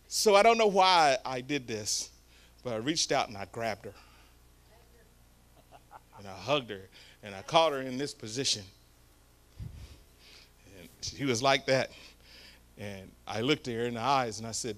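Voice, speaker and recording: A man preaching a storytelling sermon, swinging from hushed asides to loud shouts. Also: on the high side, expressive, measured pace, long pauses. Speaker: guest preacher. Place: church sanctuary.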